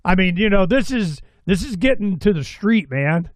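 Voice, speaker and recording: A man's voice: sits high, animated, moderate pace, dry recording, low-quality recording. A man hosting a talk show, chatting loosely and rambling through his questions. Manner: rambling, loose, with many restarts. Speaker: host. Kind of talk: casual chat.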